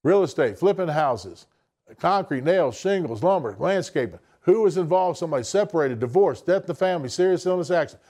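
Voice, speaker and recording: A man's voice: a little high, lively intonation, fairly quick, warm tone. A man, giving a blunt, folksy motivational talk to an audience. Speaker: business speaker addressing an audience. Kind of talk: motivational speech.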